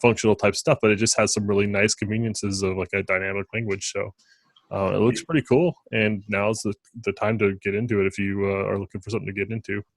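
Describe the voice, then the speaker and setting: Podcast co-host, male, lowish pitch, rambly and filler-heavy, dry booth sound. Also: steady tone, fast talker, dry recording. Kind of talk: casual tech chat.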